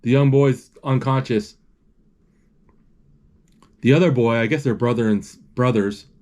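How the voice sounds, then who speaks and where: Medium pitch and a darkish tone mark this man's voice as he describes a film while watching it. His speech stalls frequently as he searches for words, with plenty of restarts and fillers.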